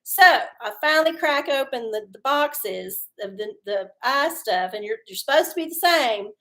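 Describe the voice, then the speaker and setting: A woman's voice: a little high, expressive, normal speed, a bit bright. A woman hosting a live stream, chatting in a folksy, rambling way and swearing freely. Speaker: livestream host doing oracle readings. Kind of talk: casual live-stream chat.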